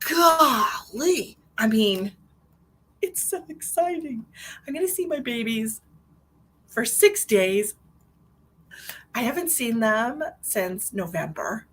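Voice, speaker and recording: Middle-aged lady rambling on her live stream, kinda high voice, swoops up and down a ton. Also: lively intonation, slow, pauses often, a bit bright, breathy edge. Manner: chatty, rambling, bubbly, laughs often. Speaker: psychic medium hosting a live stream. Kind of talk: casual live-stream chat.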